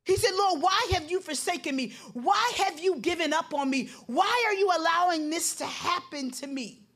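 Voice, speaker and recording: A middle-aged woman pastor preaching a sermon with an impassioned, repetitive building cadence that rises to shouts. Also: very high-pitched, lively intonation, moderate pace.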